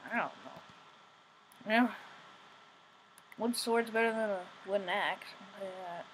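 A young woman giving rambling, excitable let's-play commentary, often whining, recorded on a poor home setup. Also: mid-range voice, a little slow, slight background noise. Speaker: gamer.

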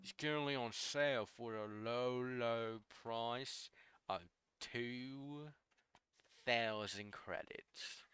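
A man's voice: mid-range voice, slow, a bit bright, smooth, no echo. A young man narrating a tabletop game as game master, rambling with lots of fillers.

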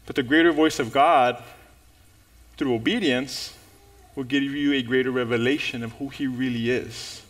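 A man preaching a sermon in church, telling a story in an animated way and calling out to the congregation. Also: mid-range voice, normal speed.

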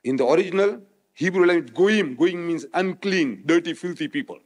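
A man from South Africa giving a public religious lecture, switching between loud rhetorical questions and quiet explanation. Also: fairly high pitch, animated, normal speed. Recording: echoey hall, old remastered recording.

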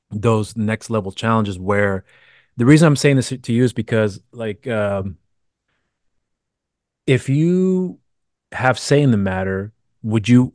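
A man's voice: on the low side, a little mellow, dry recording, clean studio sound. A man hosting a casual podcast interview, asking long rambling questions full of restarts. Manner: rambling, many restarts and fillers. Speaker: podcast host.

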